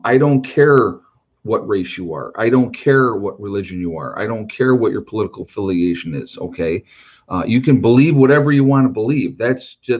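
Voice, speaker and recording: A man's voice: medium pitch, lo-fi sound. A man from New York giving his opinions in a casual, earnest monologue, plain-spoken and rambling with fillers as he talks about a motorcycle trip.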